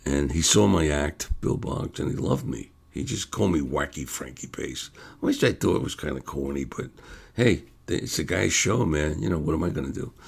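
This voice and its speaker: An older man with a New York accent telling stories about his comedy career in a casual, animated way, acting out the voices of people he quotes and laughing along. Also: rumbling low, moderate pace, vocal fry, breathy edge. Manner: animated storyteller, acts out quotes, laughs often. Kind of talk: casual storytelling monologue.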